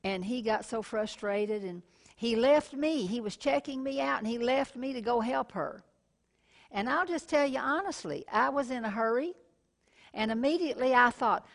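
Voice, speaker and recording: A woman's voice: fairly high pitch, expressive, moderate pace, gravelly. Folksy woman TV preacher. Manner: folksy and warm, calls listeners honey, tells personal stories. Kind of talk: sermon.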